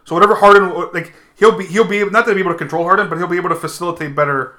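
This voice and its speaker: Fast bright-voiced guy. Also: high voice, fairly even intonation. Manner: fast, profane, emphatic. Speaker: podcast co-host. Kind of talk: casual sports chat.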